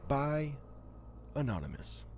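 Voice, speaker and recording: A man with a smooth, buttery voice hosting a live stream, chatting casually and self-deprecatingly between reading short horror stories aloud. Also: medium pitch, slow, a little hiss or hum. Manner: self-deprecating, joking, animated.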